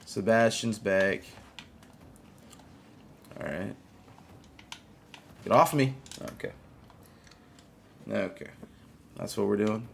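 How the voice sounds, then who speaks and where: Gravelly-voiced male game streamer. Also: lowish voice, animated, slow pace, long pauses, a little hiss or hum. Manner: greets viewers and reacts to gameplay. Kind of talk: casual live-stream gaming chat.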